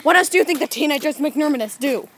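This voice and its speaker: Brief: young girl, high and bright, rambling mock-documentary host outdoors, faint outdoor hiss. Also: fast. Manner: giggly, dramatic, rambling. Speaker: vlog host. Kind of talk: playful mock nature documentary narration. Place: outdoors in a neighborhood.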